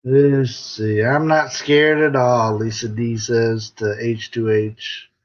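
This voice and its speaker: Middle-aged American man, joking live-stream host reading comments, unhurried delivery, dull lo-fi sound. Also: mid-range voice, flat delivery. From United States. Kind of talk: casual live-stream chat.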